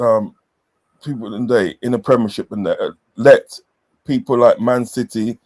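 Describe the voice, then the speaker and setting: A man's voice: mid-range voice, darkish tone. A man telling rambling, sweary football stories in a casual chat, repeating filler phrases. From southern England.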